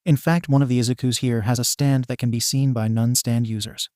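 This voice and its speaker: A man's voice: mid-range voice, steady tone, brisk, darkish tone, no room sound, studio quality, close to an everyday voice. A man reading the lines of a self-proclaimed male god who explains rules in a lecturing, matter-of-fact way, in a fan storybook reading. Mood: explaining.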